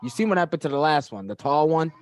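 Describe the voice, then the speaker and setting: A man's voice: a little high, animated, quick pace, a loud crowd. A man co-hosting a casual fight-watching stream, speaking, joking loosely and rambling in slang. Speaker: podcast co-host.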